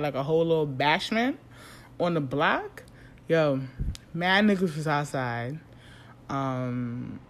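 A podcaster in their thirties carries a solo monologue, talking straight to listeners. The delivery is loose, slangy and profane, swinging into loud, high bursts of emphasis before dropping back to a low, confiding tone. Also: a little hiss or hum. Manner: candid, slangy and profane, with big emphatic jumps in pitch and volume. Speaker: podcast host.

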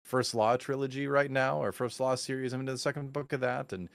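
A man co-hosting a podcast, talking in a relaxed, thoughtful, slightly rambling way. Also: mid-range voice, a little fast, vocal fry, dry recording. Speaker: podcast co-host. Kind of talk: casual podcast chat.

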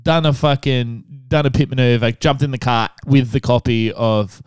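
Crude joking man with a smooth voice. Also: medium pitch, normal speed, no echo. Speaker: podcast host. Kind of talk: casual comedic chat.

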